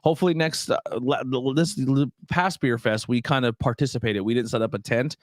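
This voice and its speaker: A man's voice: medium pitch, a little fast, no echo. A man hosting a casual podcast with friends. He tells stories with energy, swears freely and acts out the voices of the people he quotes. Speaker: podcast host.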